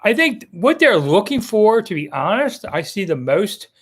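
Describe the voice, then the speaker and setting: A man's voice: high-pitched, big pitch swings, moderate pace, slightly rough. A middle-aged man hosting a casual live stream, chatting in a rambling, self-deprecating way about football coaching news. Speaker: sports talk show host.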